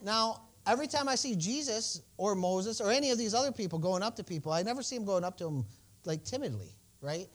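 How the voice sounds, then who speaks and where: Male pastor, high voice, folksy preacher: jokey asides, then bold loud calls to the congregation. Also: animated, brisk. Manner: folksy, joking, swings from soft asides to bold shouts. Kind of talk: sermon.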